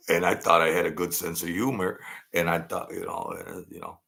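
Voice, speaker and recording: A man telling street stories in a rambling, halting way, often stammering and acting out other people's voices. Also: sits low, little pitch movement, vocal fry, sharp tone. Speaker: channel host telling mob stories. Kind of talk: casual storytelling monologue.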